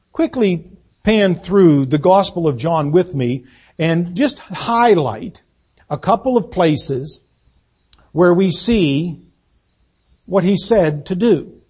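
A man delivers a church sermon in a raised, rather high voice with a husky edge. He swells on his key points and then drops to softer, conversational asides to the congregation. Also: lively intonation, takes it slowly, long pauses. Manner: preaching with rising emphasis, then dropping to quiet asides. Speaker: pastor. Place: church sanctuary.

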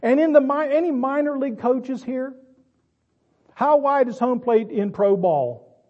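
A man's voice: extremely high pitch, expressive, unhurried, phone-quality sound, voice pushed up, full character voice. A man voicing an irritable old baseball coach who barks pointed questions at a crowd. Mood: quizzing.

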